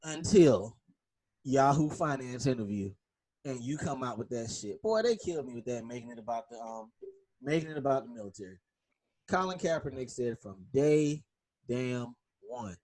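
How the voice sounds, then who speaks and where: A man co-hosting a sports podcast in casual chat, emphatic and animated in how he argues his points. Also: normal speed. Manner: emphatic, animated, drops into low tones for emphasis. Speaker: podcast co-host.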